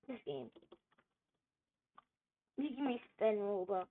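A woman giving gameplay commentary, frustrated, swearing and yelling at the game. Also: on the high side, big pitch swings, slow, gravelly, pauses often. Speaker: gamer. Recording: tinny phone-like audio with faint noise.

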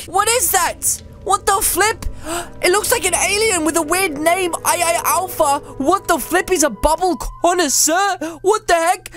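A high-voiced woman gives breathless, excitable commentary over her game, constantly reacting with surprised exclamations. Soft music plays faintly underneath. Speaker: gamer.

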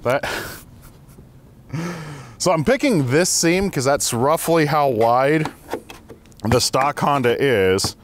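A man's voice: medium pitch, slight background noise. A man hosting a casual garage vlog, chatting and laughing as he works on a car. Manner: chatty, amused, laughs while working. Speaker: garage host.

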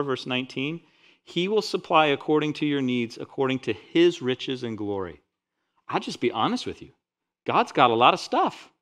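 Pastor, male, fairly high voice, animated sermon delivery that swings between loud scripture and hushed asides. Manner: animated preaching, swells loud on scripture quotes; drops to quiet, intimate asides.

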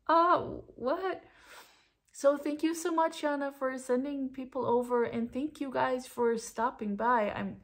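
A middle-aged Danish woman with a slight American tinge to her accent, rambling excitedly in a casual knitting vlog. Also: mid-range voice, gravelly. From Denmark. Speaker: knitting vlogger. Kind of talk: casual chat.

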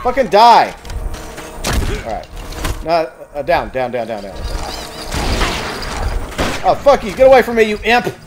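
A man's voice: on the high side, wildly swooping pitch, moderate pace, long pauses, heavy background noise. A man giving profane, trash-talking commentary while playing a video game. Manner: loud, swearing, trash-talking enemies. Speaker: let's play gamer. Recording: game music behind.

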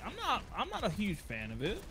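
A young woman streaming a game, reacting fast with laughs and swearing in casual banter. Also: mid-range voice, huge pitch swings.

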